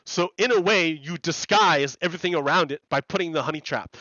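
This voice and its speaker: A man's voice: on the high side, brisk, sharp tone, no echo, highs cut off. A man chatting casually on a live game stream, rambling and repeating words as he explains ideas to his viewers. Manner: rambling, repeats words and restarts, laughs often.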